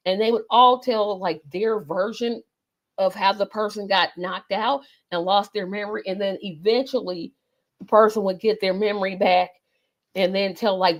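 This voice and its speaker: A woman's voice: mid-range voice, lo-fi sound. Chatty woman with a lilt. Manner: chatty, meandering, lots of ums and self-corrections. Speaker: host. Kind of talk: casual nostalgic monologue.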